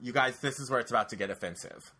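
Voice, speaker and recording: A man telling a personal story on a casual podcast, animated and profane, talking straight to his listeners. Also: medium pitch, rapid-fire.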